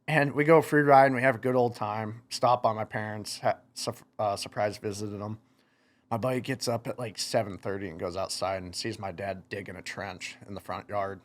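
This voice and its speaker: A young man, a podcast guest, telling stories in casual chat, animated, laughing and acting out what people said. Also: on the low side, normal speed. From United States. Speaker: podcast guest, motocross racer. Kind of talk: casual storytelling.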